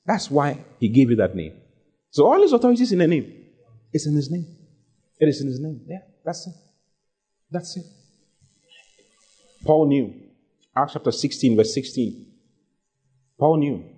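A man delivers a sermon in a husky, mellow voice pitched a little high. His intonation swoops widely as he drives each point home and repeats key lines for emphasis. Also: sing-song, moderate pace, pauses often. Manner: emphatic, repeats key phrases, rising to fervent exhortation. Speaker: preacher.

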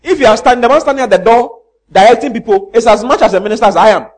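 A man's voice: very high-pitched, rapid-fire. A man preaching a sermon, asking the congregation questions and mimicking church members for laughs. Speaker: pastor.

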